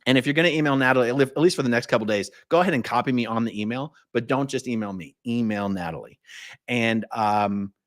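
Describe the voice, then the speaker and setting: A man's voice: medium pitch, quick pace, no room sound, studio quality. An American man hosting a casual livestream, reading viewer comments aloud in an easygoing way. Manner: conversational, reads viewer comments aloud, many fillers. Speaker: livestream host filling in.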